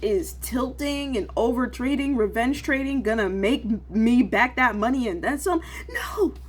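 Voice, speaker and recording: A woman's voice: fairly high pitch, expressive, a little slow, husky. A woman in her twenties giving an emotional, profanity-laced vlog rant, dropping "bro" after almost every line. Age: 20s. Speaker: day trader vlogger. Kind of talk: casual ranting vlog.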